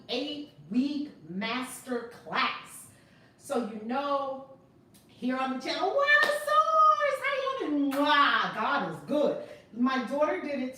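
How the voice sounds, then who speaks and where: A woman hosting a live-streamed class as a spiritual teacher, exuberantly greeting viewers by name and then teaching, stressing key words. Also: fairly high pitch. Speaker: spiritual teacher and channel host. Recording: echoey room, far from the mic, faint noise.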